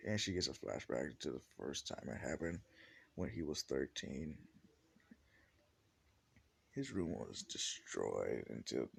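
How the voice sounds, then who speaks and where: Very deep, gravelly male storyteller. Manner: rambling, casual, full of "like" and restarts. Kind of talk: improvised fan-fiction narration.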